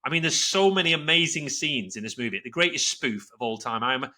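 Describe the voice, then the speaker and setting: A man's voice: medium pitch, animated, a little fast, bright, forceful tone. A man in his forties co-hosting a podcast, chatting casually and rambling with many restarts. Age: 40s. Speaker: podcast co-host. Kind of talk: casual chat.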